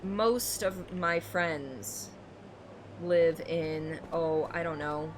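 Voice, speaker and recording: Young woman streamer, casual chat with viewers, slightly low pitch, steady noise in the background. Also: very slow. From Michigan, United States. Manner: chatty, laughs often, talks to chat.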